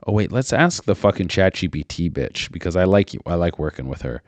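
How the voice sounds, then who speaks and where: Speaking briskly with few pauses, a man in his thirties who hosts a podcast uses a deep, expressive voice captured dry on a studio mic. His talk is a crude, profane ramble packed with fillers and restarts.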